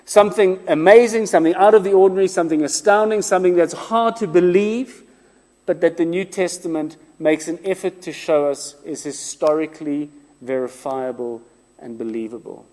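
A man's voice: a little high, moderate pace. Preacher man in a reverberant hall. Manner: expressive, rhetorical repetition, self-deprecating humor. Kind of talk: sermon. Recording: long reverb of a large room.

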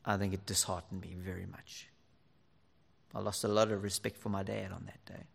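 A man preaching a sermon to fathers, earnest and lively, sometimes dropping almost to a whisper for emphasis. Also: sits low, moderate pace, creaky, slightly rough, in a large hall.

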